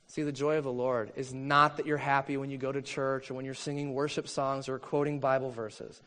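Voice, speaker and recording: A man preaching a sermon in an earnest, measured way, reading long quotes slowly. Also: mid-range voice, flat delivery, fairly bright tone. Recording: long reverb from a hall.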